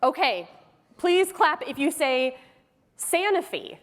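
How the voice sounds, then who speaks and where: A woman's voice: fairly high pitch, unhurried. A woman hosting a live podcast panel, playful and laughing often as she quizzes the audience. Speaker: podcast host. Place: conference hall stage. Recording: reverberant hall.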